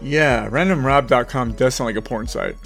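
A man co-hosting a podcast in casual chat, excitable and laughing often, swearing a lot. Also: mid-range voice, moderate pace, faint music behind. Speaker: podcast co-host.

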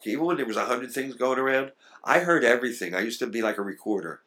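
Fast-talking man telling family stories. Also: mid-range voice, noisy background. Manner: fast, animated talker. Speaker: interview guest. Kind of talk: casual storytelling interview.

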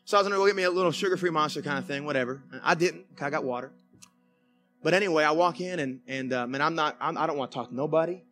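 A male pastor preaching a conversational sermon in a church, folksy and animated, with many restarts. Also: a little high, fast talker, faint music behind. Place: church sanctuary.

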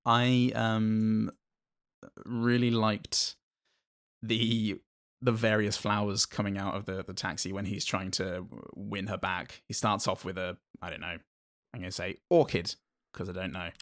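A man's voice: fairly low pitch, flat delivery, unhurried, a bit bright. A man co-hosting a casual podcast, chatting about a film in a hesitant, rambling way with sweary banter. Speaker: podcast co-host.

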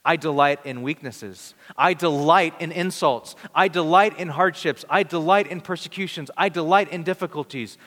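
Guy preaching, kinda high voice, big reverby hall, earnest and chatty. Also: fairly bright tone. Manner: earnest, conversational preaching with dramatic pauses. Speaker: pastor. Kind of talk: sermon. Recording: long reverb of a large hall.

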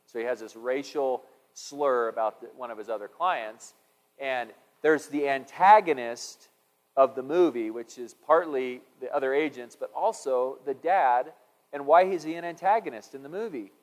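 A man's voice: mid-range voice, moderate pace. A man preaching a conversational sermon, retelling a story with frequent restarts. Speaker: pastor.

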